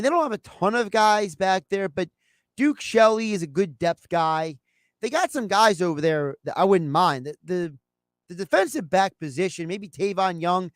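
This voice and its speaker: A man's voice: sits high, dry recording, clean studio sound. A man hosting a sports talk show, giving his take in a loose, conversational way and acting out imagined phone calls.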